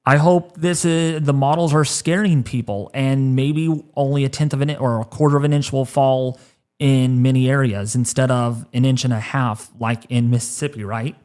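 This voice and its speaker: A man in his thirties hosting a weather livestream, choked up and halting, repeating words as he talks. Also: medium pitch, steady tone, a little mellow. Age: 30s. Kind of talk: emotional livestream talk.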